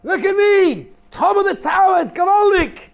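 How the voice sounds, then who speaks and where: Man putting on a small boy, shrill and loud, pitched way up, big swooping lines. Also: lively intonation, normal speed, gravelly, muffled recording, heavily acted. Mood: gleeful. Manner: shrill, shouting. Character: excited little boy, then wailing after a fall.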